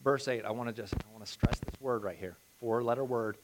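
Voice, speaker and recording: A man preaching a sermon, telling a lively story and then reading and explaining scripture aloud. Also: medium pitch, a little fast, hardly any pauses. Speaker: pastor.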